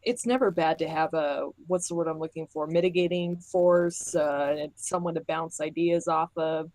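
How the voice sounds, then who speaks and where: A woman's voice: sits low, steady tone, normal speed, darkish tone, poor audio. A woman co-hosting a casual podcast chat, thoughtful and opinionated. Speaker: podcast co-host.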